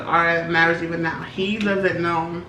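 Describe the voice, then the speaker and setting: A young woman, telling a story in animated, slangy style while eating, often laughing. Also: lowish voice, a little slow, recorded from a distance, over loud music. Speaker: vlogger, co-host. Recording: roomy, off-mic, faint background hum.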